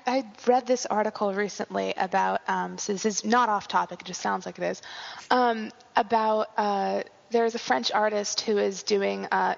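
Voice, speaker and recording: A woman tells a meandering story, full of fillers and amused asides. Her voice has a gravelly fry to it. The sound is dull and carries a long reverb. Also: mid-range voice. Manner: rambling, amused, many fillers. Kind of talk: casual chat.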